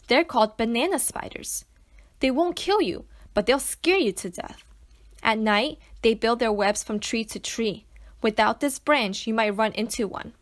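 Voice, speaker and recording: A woman reader speaking as a bold, protective young frontier boy from a storybook. He talks earnestly and plainly, in a voice on the higher side. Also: measured pace, natural voice.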